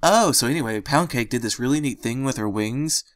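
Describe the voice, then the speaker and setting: A hyper, bubbly pink pony girl squeals and gushes in a high, excitable voice, as a man reads her part. The sound is close and dry, with no room behind it. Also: fairly quick, dry recording, lightly acted. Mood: excited.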